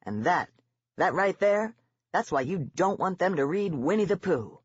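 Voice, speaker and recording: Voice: medium pitch, expressive, measured pace, slightly rough, dry recording, voice pushed up. An audiobook narrator voicing a harsh, sarcastic male army sergeant, in a slightly dull lo-fi recording.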